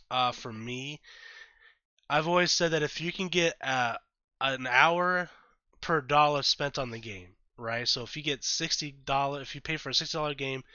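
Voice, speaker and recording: A man with a bright, forceful voice rambles through casual game commentary, full of ums and restarts. The sound is dry and close, a bit dull and lo-fi. He turns blunt and salty when something bugs him. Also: medium pitch, no echo. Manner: rambling, filler-heavy, thinks aloud; blunt and profane when annoyed. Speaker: gaming YouTuber.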